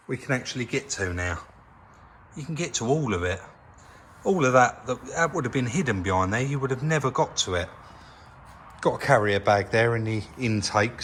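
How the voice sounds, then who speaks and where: Here the English repair vlogger speaks at a medium pitch against slight background noise. Chatty and casual, he's from England and walks through details in his indoor vehicle workshop, explaining as he points.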